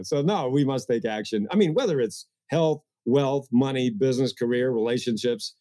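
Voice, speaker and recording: A man speaking as a guest coach in an interview, energetic and getting worked up, with mocking asides. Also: mid-range voice, normal speed. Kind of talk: animated interview talk.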